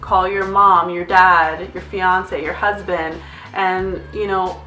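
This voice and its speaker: A woman's voice: lowish voice, level tone, slow pace, sharp tone, echoey room, far from the mic, soft background music. A young adult woman, a nurse, giving candid, chatty advice in a casual vlog, now and then glancing at notes and swearing lightly. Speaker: nurse vlogger.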